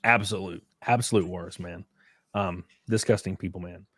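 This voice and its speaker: A man's voice: normal speed, fairly bright tone, dry recording, clean studio sound. A young man hosting a casual political livestream, loose and profane, mocking the things he reads out. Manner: loose, profane, mocking, acts out quotes with big pitch jumps. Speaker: livestream host.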